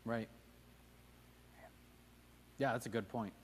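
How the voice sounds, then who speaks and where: A man's voice: mid-range voice, fairly even intonation, slow pace, noisy background. A man teaching a casual Sunday Bible class, joking and talking with the room and putting questions to the class. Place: church classroom.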